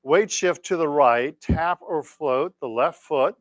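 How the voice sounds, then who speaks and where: A man teaching tai chi, calmly calling out each move and counting the steps for his class. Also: a little high, no room sound. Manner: calm, counting out moves slowly. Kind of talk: leading an exercise class. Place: exercise class room.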